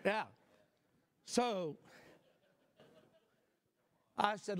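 An older man preaching a sermon, telling a folksy personal story and rising to shouted emphasis. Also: high-pitched, normal speed.

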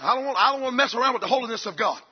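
A man preaching a fiery sermon as pastor, swinging between shouted lines and low, quiet passages. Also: very fast, husky, lo-fi sound, a faint crowd.

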